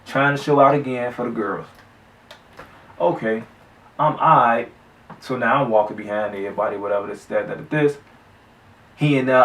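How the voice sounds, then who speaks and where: Brief: man, gravelly vocal fry, loose profane street storytelling, echoey room, off-mic. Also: medium pitch, expressive, moderate pace, long pauses, fairly bright tone, far from the mic. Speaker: vlogger telling his own story. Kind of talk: casual story time.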